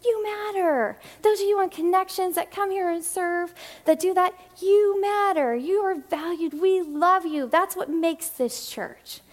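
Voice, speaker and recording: With a very high voice, a woman who leads a church's family and children's ministry chats with the congregation, laughing often and acting out the voices of people she quotes. She speaks in rushed bursts, frequently restarting.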